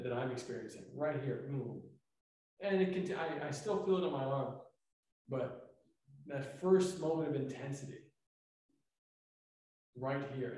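Relaxed man coaching tai chi, echoey. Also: mid-range voice. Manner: talks while moving through the exercise, relaxed and explanatory, with many fillers. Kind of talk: instructional demonstration. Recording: echoey room, mic far off.

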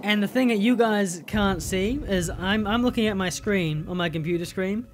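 A gamer giving profane, exasperated running commentary over a horror game and yelling at the screen in bursts. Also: medium pitch, moderate pace, noisy background. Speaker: let's play gamer. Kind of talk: live gameplay commentary.

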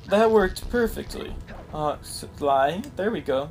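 A man's voice: fairly high pitch, very animated, takes it slowly, long pauses. A young man doing let's play commentary, frustrated and swearing often, with exasperated outbursts. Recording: loud game music behind voice.

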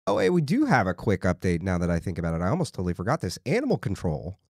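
A man hosting a podcast, chatting in a relaxed, rambling, joking way. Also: deep voice, racing, dry recording, studio quality. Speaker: podcast host. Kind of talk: casual chat.

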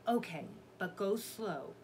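A woman's voice: medium pitch, animated, slow pace, a little mellow, slight background noise. Woman doing a cautious worried young boy. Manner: hesitant, careful.

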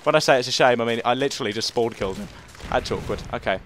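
A young man commentating his own gameplay, excitable and self-mocking, repeating phrases and yelping when he gets killed. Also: mid-range voice, rapid-fire, slight background noise. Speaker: gaming commentator.

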